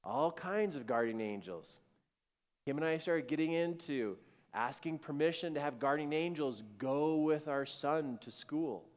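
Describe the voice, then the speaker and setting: A middle-aged man telling a personal story in a playful, animated way, often laughing mid-sentence. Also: a little high, a little slow. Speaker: speaker. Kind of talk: storytelling talk. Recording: echoey hall.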